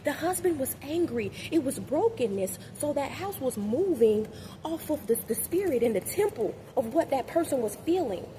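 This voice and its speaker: A mother talking casually and emphatically to her viewers about her spiritual journey, in slangy speech that swings from loud to hushed. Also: sits high, animated, moderate pace, slight background noise. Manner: slangy, talks straight to viewers. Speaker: mother and motivational vlogger. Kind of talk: casual spiritual vlog talk.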